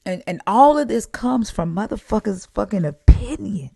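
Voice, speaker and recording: A woman's voice: medium pitch, expressive, normal speed, vocal fry, mellow, breathy edge, dry recording, clean studio sound. A woman telling stories in a blunt, profane, heated way, in candid conversation.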